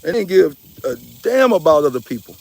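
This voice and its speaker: A man's voice: a little high, big pitch swings, a little fast, vocal fry, no echo. A man giving an impassioned spiritual talk, emphatic and preachy, with casual slang and swearing, often calling his listeners y'all. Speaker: spiritual speaker.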